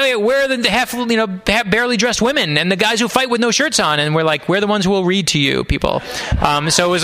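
A man's voice: a little high, gravelly, sharp tone. A man giving an earnest, conversational talk to an audience at a bookstore event, acting out quoted dialogue with lots of fillers. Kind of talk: live storytelling talk to an audience.

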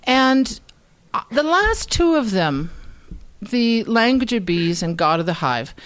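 A woman author talking casually to a live bookstore audience, wry and halting, with stammered restarts and frequent ums. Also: on the high side, sing-song, no echo. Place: bookstore event.

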